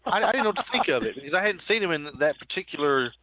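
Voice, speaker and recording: A man's voice: on the high side, sing-song, racing, crowd noise. A man hosting a casual recap chat, rambling and repeating himself as he talks things through. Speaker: podcast host. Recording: tinny phone-like audio with faint hiss.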